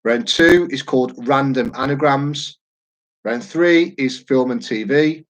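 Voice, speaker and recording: A man's voice: medium pitch, unhurried, poor audio. Chatty man hosting a quiz. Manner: chatty, jokey, rambling asides. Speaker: quiz host. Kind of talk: casual live-stream chat.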